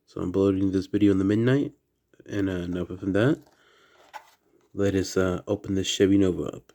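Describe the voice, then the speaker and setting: A man with a slight Southern accent, chatting quietly through a toy unboxing at home late at night, keeping his voice down. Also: deep voice, fairly even intonation, fairly quick. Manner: soft, hushed indoor voice. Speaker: toy collector vlogger. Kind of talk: casual unboxing chat.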